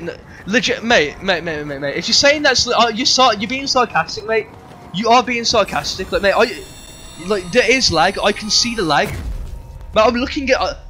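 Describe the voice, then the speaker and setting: A man's voice: high-pitched, pushed and bright. A young man livestreaming a game, bantering with chat in a sweary, joking way. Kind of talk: live game streaming chat.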